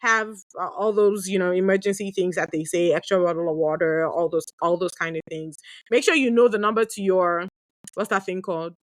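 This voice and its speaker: A woman's voice: fairly low pitch, brisk, no echo. A woman in her thirties, a podcast host, telling candid stories in a chatty way, laughing often and filling her talk with asides. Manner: lively, chatty, laughs often, many fillers. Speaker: podcast host answering listener questions. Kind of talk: candid conversational storytelling.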